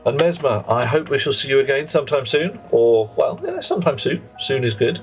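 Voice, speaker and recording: A man's voice: medium pitch, brisk, soft background music. A British man streaming live, chatting casually with viewers in a cheeky, rambling way that slips into mock rants.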